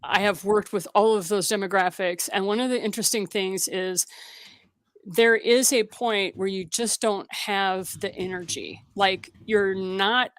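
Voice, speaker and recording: A woman's voice: mid-range voice, fairly even intonation, measured pace, dry recording. A woman from Missouri, a guest entrepreneur in an interview, telling stories in a direct way and acting out the dialogue she quotes. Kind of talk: interview conversation.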